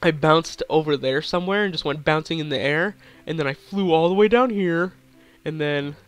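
A man's voice: on the high side, moderate pace, smooth, faint music behind. A young man with a sore throat giving hyper, giggly, crude gameplay commentary, rambling on. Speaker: gaming YouTuber.

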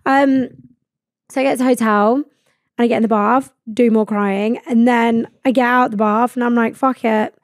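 A woman's voice: on the high side, fairly even intonation, normal speed, no echo, clean studio sound. A young woman, hosting a podcast and telling a story casually, swearing often and acting out what people said. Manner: chatty, swears a lot, acts out quoted lines. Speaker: podcast host. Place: podcast studio.

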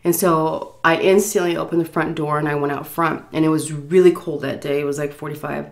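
A woman's voice: deep voice, steady tone, fairly quick, creaky. A woman recovering from the flu, out of breath and sighing as she chats to her viewers. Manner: chatty, addresses viewers directly. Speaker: food vlogger. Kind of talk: casual storytelling to camera.

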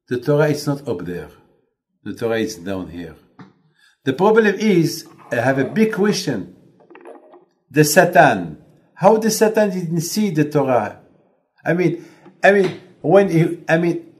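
Animated man giving a storytelling sermon. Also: mid-range voice. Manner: animated, rhetorical questions, non-native grammar. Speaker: rabbi.

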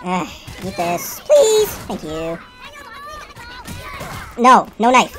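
A woman gamer narrates her own play with quick outbursts and frustrated cries. Her high voice leaps all over the place, and she talks slowly. A faint hiss sits under the recording. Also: huge pitch swings, a bit bright. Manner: exasperated, exclaiming and cursing at the game. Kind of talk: live gameplay commentary.

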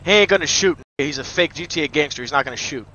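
A man livestreaming a game role-play, casual and brash, trash-talking and often breaking into loud yelling. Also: fairly high pitch, rapid-fire, highs cut off.

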